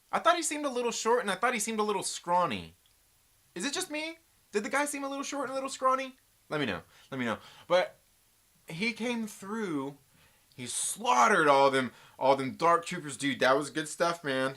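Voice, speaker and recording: Casual ranting review, lively swooping delivery, bright edge, profane, slangy. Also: medium pitch. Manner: animated, profane, joking rants; slangy, says dude and bro a lot. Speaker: YouTube pop-culture reviewer.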